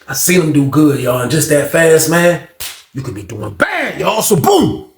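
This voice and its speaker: A man telling a story in a casual, slangy, animated way, acting out the quotes. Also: on the high side, normal speed, gravelly. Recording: echoey room.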